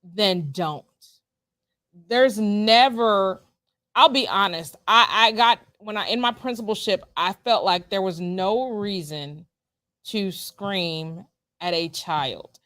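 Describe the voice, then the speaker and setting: A woman, a former school principal, chatting casually as a co-host, telling stories with a lively, repeating way of talking. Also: medium pitch, takes it slowly, no echo. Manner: storytelling, animated, repeats words, laughs often. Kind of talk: casual conversational chat.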